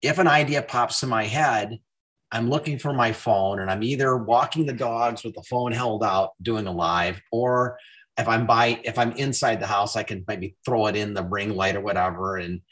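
Speaking at a moderate pace in a fairly low voice, this man hosts a casual interview podcast. He tells stories with animation and performs the quoted dialogue himself.

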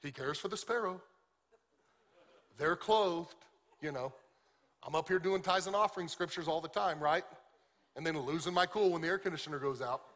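A male pastor preaching a sermon in an animated, conversational, joking way. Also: fairly high pitch, breathy edge.

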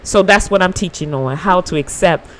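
A woman's voice: fairly low pitch, normal speed. A woman hosting a podcast, talking through an earnest, emotional spiritual reflection with informal, faith-filled encouragement. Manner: earnest, emotional, with bursts of laughter. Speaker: podcast host.

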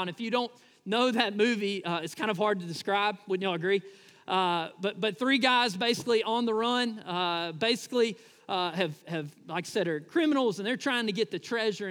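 A pastor preaching a sermon in a church, talking conversationally with frequent "uh" fillers. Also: male voice, very high-pitched, pushed and bright, in a large hall. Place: church sanctuary.

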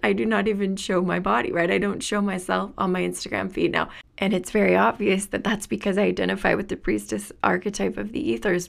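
A woman's voice: mid-range voice, vocal fry. A woman hosting a spiritual podcast, talking in an earnest, enthusiastic way and laughing often. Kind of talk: reflective spiritual monologue.

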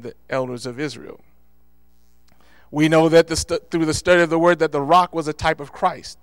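A man preaching in an emphatic sermon style, his voice sitting a little higher than most men's. He swells loud when he reads scripture and drops back to a quieter teaching tone between quotes. The sound is dry and close. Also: fairly even intonation, moderate pace, clean tone, dry recording.

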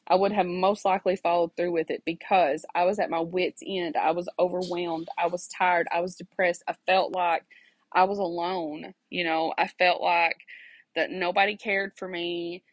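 With a fairly low pitch and flat delivery at a moderate pace, a woman offers earnest testimony as a mother and preaches faith, addressing listeners head-on and repeating phrases for emphasis. The rough recording has no room sound.

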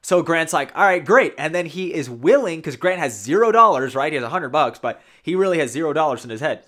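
Retelling a show in relaxed, lively commentary, a man talks a bit fast with a slightly high voice. "You know" and "right?" pop up often at the ends of his lines.

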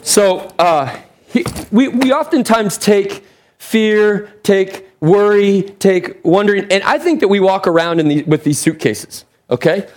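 A man's voice: high-pitched, unhurried, a little mellow. A male pastor preaching a sermon, telling a story with chatty asides to the congregation.

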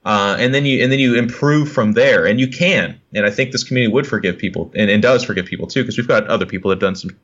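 A man's voice: fairly low pitch, quick pace, hardly any pauses, fairly bright tone, highs cut off. A man talking as a podcast guest, blunt and profane, acting out what other people say. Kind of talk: casual podcast chat.

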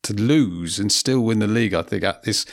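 A man co-hosting a casual football chat show. He talks in a measured, understated and wry way. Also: on the low side, dry recording, clean studio sound. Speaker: podcast co-host.

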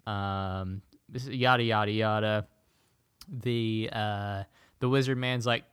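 A man from Tennessee casually retelling a movie plot to a friend, rambling with fillers and quick quoted voices. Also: lowish voice, fairly even intonation, fairly bright tone, clear, resonant tone, no room sound, clean studio sound. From Chattanooga, Tennessee.

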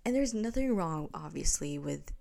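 A woman's voice: low-pitched, animated, moderate pace, vocal fry, darkish tone. A young woman from the Philippines who speaks English with an American accent and a slight Filipino tinge, hosting a casual chat podcast from home at night, rambling and sometimes dropping into whispers. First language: Tagalog. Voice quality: chatty, rambling, drops into whispers. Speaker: podcast host.

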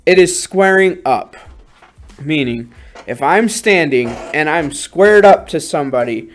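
A man giving an energetic sales training talk in his office, showing how to greet people at the door. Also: fairly high pitch, measured pace, faint music behind.

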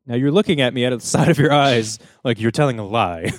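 A man's voice: mid-range voice, fast talker, dry recording. A man hosting a casual comedy podcast, rambling through a story and acting out the lines. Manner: rambling retelling with quoted voices and laughs. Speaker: podcast host.

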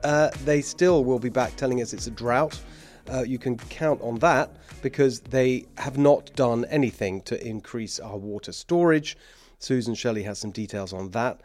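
A man's voice: mid-range voice, a little mellow. Emphatic English man hosting a talk show. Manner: emphatic and sarcastic, laughs at own jokes. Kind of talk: political talk show monologue and interview.

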